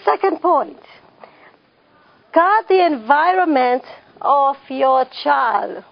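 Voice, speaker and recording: Woman instructor, high and gravelly voice, repeats key points, dull lo-fi recording. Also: animated, slow pace, dry recording. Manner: repeats key phrases, emphatic. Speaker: parenting class instructor. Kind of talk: classroom teaching with questions to the audience.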